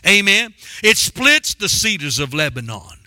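Male preacher, high bright voice, emphatic call-and-response sermon delivery, dry close sound. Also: sing-song, a little slow, no echo.

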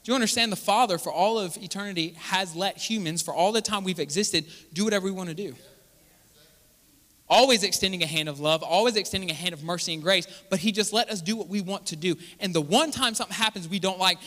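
A man preaches a sermon in a high, bright voice, putting questions to the congregation and answering them himself. He moves between loud exclaiming and quiet asides. His voice trails off in the long reverb of a big church hall. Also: a little fast. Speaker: pastor.

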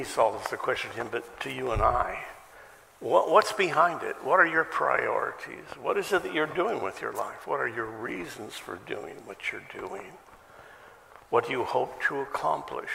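A man's voice: mid-range voice, expressive, measured pace, vocal fry, sharp tone, big-room sound, a little hiss or hum. A male pastor preaching a sermon in a conversational way, asking many questions and adding self-deprecating asides. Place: church sanctuary.

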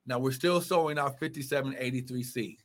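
A man's voice: medium pitch, a little fast. A man preaching a livestreamed sermon with fervent exclamations and repeated phrases.

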